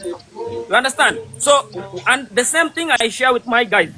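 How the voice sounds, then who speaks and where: A man's voice: very high-pitched, expressive, a little slow, pushed and bright, soft background music. A man, a coffee trainer, arguing insistently in a heated live debate over a video call, repeating his points.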